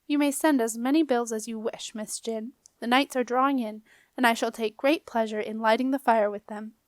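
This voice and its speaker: A woman voicing a stern, haughty woman wizard in a storybook reading, with a crisp, commanding manner. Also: a little high, steady tone, normal speed, no room sound, clean studio sound, natural voice. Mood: cold haughty.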